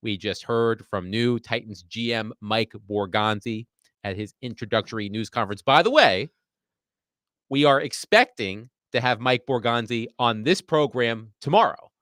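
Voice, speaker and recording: A man hosting a sports radio talk show from a studio, briskly leading the discussion and passing questions to his co-hosts. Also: mid-range voice, a bit bright, no echo. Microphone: studio microphone with headphones.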